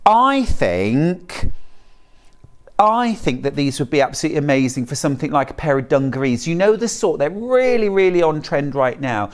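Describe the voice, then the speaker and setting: A chatty, jokey man with a British accent presents on a live shopping channel and reads out viewer messages between pitches. His pitch moves a lot, rising and falling through the sentences. He sounds like an easygoing salesman talking to his regular viewers. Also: big pitch swings, normal speed, clean tone.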